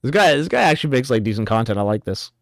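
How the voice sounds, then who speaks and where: A man's voice: medium pitch, sing-song, very fast, creaky, no room sound. A man hosting a casual reaction commentary, rambling with frequent restarts. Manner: rambling, stops and restarts often, reads comments aloud.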